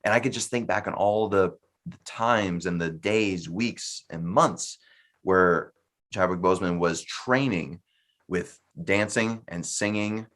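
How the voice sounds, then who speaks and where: A man's voice: sits low, measured pace, fairly bright tone. A man hosting a podcast, chatting casually and enthusiastically backing up his guest. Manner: enthusiastic, affirming. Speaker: podcast host.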